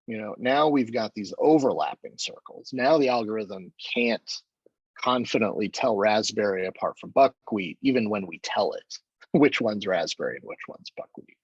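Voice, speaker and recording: A man giving a chemistry seminar, explaining his research in a relaxed, conversational way with self-deprecating asides. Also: fairly low pitch, moderate pace, slightly rough, dry recording, dull audio. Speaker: chemistry lecturer. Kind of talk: academic seminar talk.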